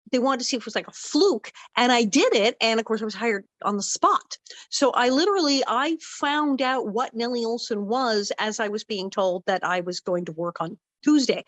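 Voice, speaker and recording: A middle-aged woman telling stories as a guest in a casual interview, animated and acting out the voices she quotes. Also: fairly high pitch, brisk, dry recording, poor audio. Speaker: guest actress.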